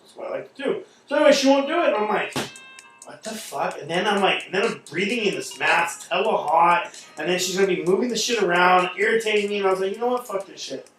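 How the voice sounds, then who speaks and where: High-voiced man swearing in echoey room. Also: quick pace, recorded from a distance, faint music behind. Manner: animated, swears a lot, acts out quoted people. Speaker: podcast host. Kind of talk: casual chat.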